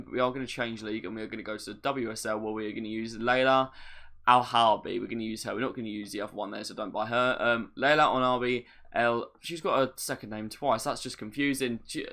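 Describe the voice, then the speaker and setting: This young man's voice is medium in pitch with a sharp tone. As a gaming video creator, he talks through a video game in a chatty, casual tutorial, laying out every step simply and adding light self-deprecating remarks.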